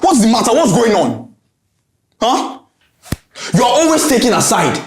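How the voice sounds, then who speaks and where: A defiant resentful son. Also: male voice, very high voice, huge pitch swings, moderate pace, slight background noise, heavily acted. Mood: aggrieved. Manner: defiant, confrontational. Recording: echoey film audio with soft music.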